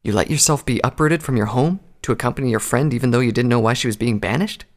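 A man voicing a level-headed male pony soldier who speaks firmly and in a measured way, in an audiobook reading. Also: mid-range voice, lightly acted. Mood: incredulous. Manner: firm and measured. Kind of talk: audiobook character voice.

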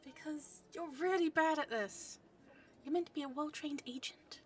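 A woman doing a comedic spy role-play monologue, flustered, swinging between loud romantic gushing and hushed whispers. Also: sits high, normal speed, far from the mic, slight background noise. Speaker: narrator playing a spy to the listener.

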